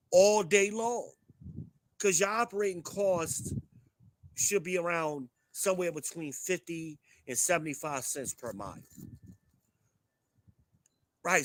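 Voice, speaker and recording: Man, middle-aged, blunt profane rant, slightly high voice, dry close sound. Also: no echo. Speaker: show host. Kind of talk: ranting commentary to a live chat.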